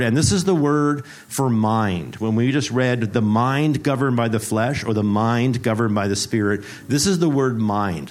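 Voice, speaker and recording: Male pastor, mid-pitched voice, playful and teacherly, runs a sermon like a quiz game, repeats phrases for emphasis.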